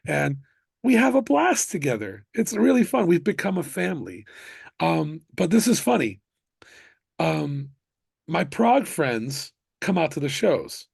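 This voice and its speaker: A man from the United States, a musician, telling stories in a casual interview with animated bursts of excitement. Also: fairly high pitch, a little slow, creaky, slightly rough, no echo. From United States (Miami). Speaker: musician guest.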